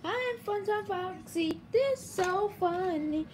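A giggly animatronic fox girl with a very high voice, as a woman puts her on. She sounds amused at herself and talks slowly, over a faint hiss. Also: lively intonation, heavily acted. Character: playful female animatronic fox.

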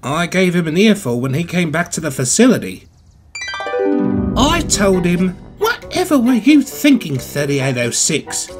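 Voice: mid-range voice, sing-song, pitched above the performer's own voice, lightly acted. Narrator doing a prim female express engine. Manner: brisk and scolding, prim. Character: proud, brisk female Australian express engine. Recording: music playing underneath.

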